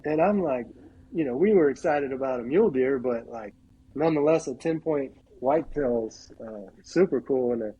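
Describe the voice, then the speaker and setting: A middle-aged man on a podcast tells a hunting story in a casual, animated way, acting out what each person said. His voice is mellow and dark, with a husky edge. He keeps filling his sentences with "like" as he goes. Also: mid-range voice, moderate pace, lo-fi sound. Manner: animated storyteller, acts out quotes, heavy use of "like". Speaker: podcast guest.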